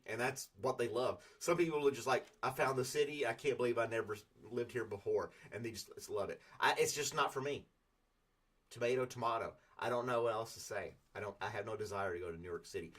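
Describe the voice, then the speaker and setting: A man's voice: mid-range voice, a bit bright. Man, podcast host, rambling folksy chat, self-deprecating. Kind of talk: casual morning chat.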